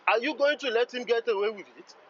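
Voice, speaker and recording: A man's voice: very high voice, fast, fairly bright tone, lo-fi sound, a little hiss or hum. A man vlogging as he walks around a rainy outdoor car meet, hyped and exclamatory, repeating himself as he points things out. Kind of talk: excitable walkaround vlog.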